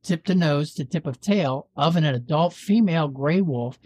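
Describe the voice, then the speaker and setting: A man with a slightly husky voice reads a local legend aloud, unhurried and measured, sometimes dropping a dry joke. The sound is close and dry, with no room around it. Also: on the high side, darkish tone, no room sound. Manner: measured storytelling, dry jokes. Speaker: podcast host. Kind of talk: reading a legend aloud with banter.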